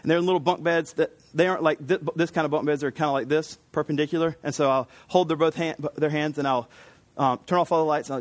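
A man preaching a sermon in a relaxed, conversational way, telling stories from home with quick asides. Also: on the high side. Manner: chatty, storytelling, with quick asides and laughs. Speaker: pastor.

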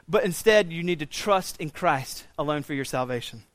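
A pastor preaching a sermon in a church, swinging from quiet intensity to loud, raised pleading. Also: male voice, fairly high pitch, normal speed, no room sound. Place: church sanctuary.

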